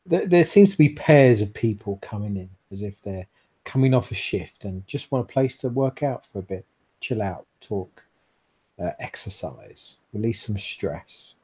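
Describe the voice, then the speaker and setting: Mellow husky game master. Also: male voice, fairly low pitch, expressive, measured pace. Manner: descriptive, rambling, many fillers. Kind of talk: narrating a tabletop game.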